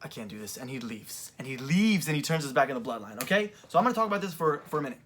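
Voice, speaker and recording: A young adult man talking through events in a casual commentary vlog, rambling with lots of fillers, seated in a creaky chair. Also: on the high side, lively intonation, very fast, fairly bright tone, a little hiss or hum. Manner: rambling, filler-heavy retelling. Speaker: wrestling fan reviewer.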